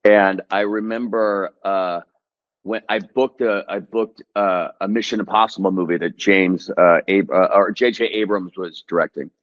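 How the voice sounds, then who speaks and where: A man in his thirties, an actor and guest, talking casually and telling a story in a halting, hesitant way. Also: low voice, steady tone, lo-fi sound. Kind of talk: casual chat.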